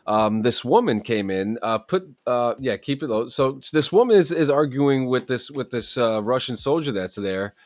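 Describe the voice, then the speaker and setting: An eager podcast co-host with a mid-pitched voice, recorded dry with no room sound. He talks in loose, casual chat, stumbling and restarting his sentences. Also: lively intonation, dry recording. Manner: enthusiastic, halting, with many restarts.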